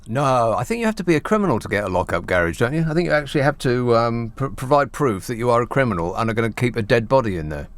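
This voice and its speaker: A man hosting a talk radio show, bantering in a sarcastic, deadpan way. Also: mid-range voice, fast talker, hardly any pauses, dry recording. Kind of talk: solo talk radio chat.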